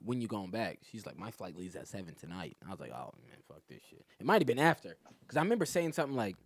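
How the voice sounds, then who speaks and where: On a podcast, a comedian guest with a fairly low, slightly breathy voice tells a story very fast, with no room sound in the recording. He keeps it casual and animated, acting out other people's words and laughing often.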